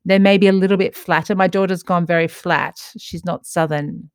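Middle-aged woman, podcast co-host, chatty and reflective, lowish voice, dry close sound. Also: steady tone, moderate pace, clear, resonant tone, no echo. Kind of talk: casual chat.

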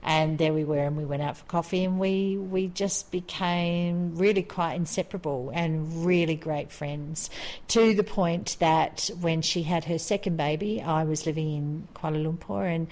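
Her voice deep and darkish, an Australian woman in her forties tells a story at a moderate pace while co-hosting a podcast. The chat is casual and rambling, punctuated by plenty of laughs.

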